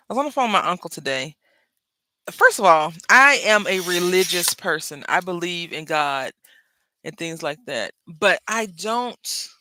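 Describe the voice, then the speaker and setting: A woman talks through a crafting project in a bright, forward voice, swinging her pitch up and down as she chats. She drifts into rambling asides to her viewers. The sound is close and dry, with no room echo. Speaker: crafting channel host. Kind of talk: casual crafting tutorial chat.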